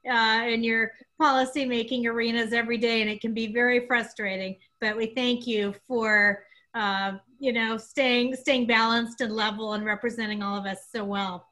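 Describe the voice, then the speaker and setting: A woman's voice: a little high, bright, forceful tone. A woman moderator giving gracious, appreciative closing remarks at an online panel. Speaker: forum moderator. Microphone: video call.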